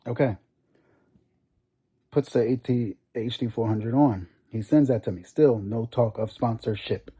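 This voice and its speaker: A man's voice: mid-range voice, measured pace, husky. A young man vlogging about his car, telling a long story in a casual rant and acting out the conversations he quotes. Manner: animated, acts out quoted conversations.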